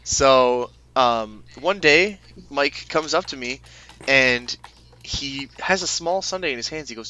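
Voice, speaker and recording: A young man tells a story on a casual podcast, his voice bright and swooping widely in pitch. He laughs through the telling and gets more worked up as he goes. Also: animated, a little slow, a little hiss or hum. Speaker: guest.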